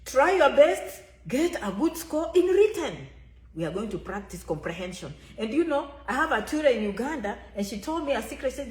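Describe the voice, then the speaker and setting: Animated high-voiced woman, emphatic. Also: fairly quick, echoey room. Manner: repetitive, emphatic, refers to herself by name. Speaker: immigration consultant. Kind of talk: animated motivational talk to viewers.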